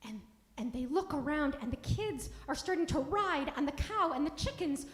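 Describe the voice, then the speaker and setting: A woman with a high voice tells a children's story at a service, switching into playful character voices. Her voice carries through a large reverberant hall. She keeps it warm and animated for young listeners. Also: moderate pace. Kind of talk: children's story told aloud. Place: synagogue sanctuary. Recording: echoey hall.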